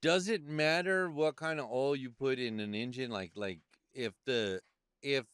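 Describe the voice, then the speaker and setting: A man hosting a casual podcast chat, telling animated stories and swearing freely. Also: mid-range voice, a little slow, smooth, no room sound, studio quality. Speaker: podcast host.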